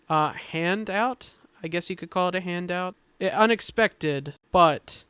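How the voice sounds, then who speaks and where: A man with a higher-than-usual, very smooth and resonant voice talks through story characters on a casual podcast. He explains slowly and thoughtfully, pausing often with fillers. The sound is close and dry, with no room around it. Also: fairly bright tone, dry recording. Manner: halting, thoughtful explaining with many filler pauses. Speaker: game designer explaining characters.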